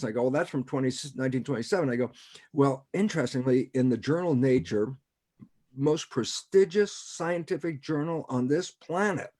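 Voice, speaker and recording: A man of average pitch explains ideas in an easy, conversational way over a video call. He keeps posing rhetorical questions to himself and chuckles often as he talks. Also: a little mellow. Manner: rhetorical, keeps asking himself "why is that relevant?". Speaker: guest speaker.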